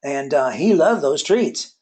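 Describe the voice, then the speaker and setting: A man giving a relaxed webinar talk on workplace accountability, telling folksy personal stories with many pauses and filler words. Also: fairly high pitch. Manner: folksy storyteller.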